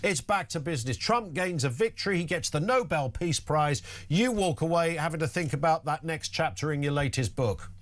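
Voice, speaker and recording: A man's voice: fairly high pitch, expressive, normal speed, hardly any pauses, fairly bright tone. Pushy male talk show host. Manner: challenging, pushy. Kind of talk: provocative debate questioning.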